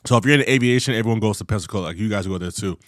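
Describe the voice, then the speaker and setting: Podcast host guy, lowish voice, dry close mic, joking around with his guest. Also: racing, fairly bright tone, no echo. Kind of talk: casual conversation.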